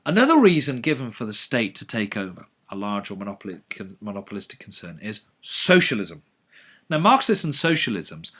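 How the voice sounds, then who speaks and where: Brief: male economics lecturer, expressive, wry, mid-pitched. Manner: animated, sardonic asides. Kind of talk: educational lecture.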